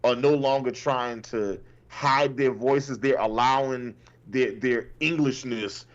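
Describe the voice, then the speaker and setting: A man co-hosts a casual podcast, joking and slipping into voices as he tells stories. His voice sits at an ordinary middle pitch. The sound is slightly dull and lo-fi. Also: steady tone, slow. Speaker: podcast co-host. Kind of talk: casual chat.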